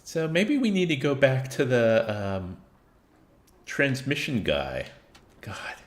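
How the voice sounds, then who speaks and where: A man's voice: medium pitch, huge pitch swings, slow. A man streaming himself playing a video game and chatting casually, rambling and self-deprecating, often laughing at himself.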